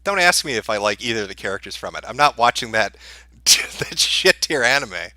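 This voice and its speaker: Man, streamer, sarcastic, swearing a lot, bright tense voice, dry close sound. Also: mid-range voice, big pitch swings, normal speed, no echo. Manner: sarcastic, profane, dismissive. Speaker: streamer answering viewer questions. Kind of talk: casual livestream Q&A rant.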